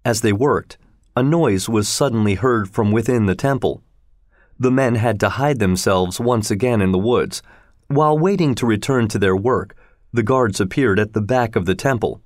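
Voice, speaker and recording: A man narrating a classic adventure story as an audiobook reader, in a steady, measured storytelling manner. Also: fairly low pitch, dry recording, clean studio sound.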